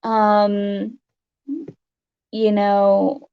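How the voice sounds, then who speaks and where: A woman talks slowly to her livestream viewers, her voice gravelly and close to tears. She stumbles and restarts, full of "um" and "you know." The webcam audio sounds dull and lo-fi. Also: mid-range voice, monotone. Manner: emotional, tearful, halting with many fillers. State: teary, sniffling. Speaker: livestream host. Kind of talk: casual livestream chat to viewers. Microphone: webcam mic.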